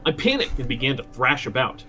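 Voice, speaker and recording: Man co-host reading fan fiction, lively swooping pitch, jokey and crude. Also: a little fast. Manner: crude, joking, chatty. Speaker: podcast co-host and reader. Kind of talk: casual reading aloud.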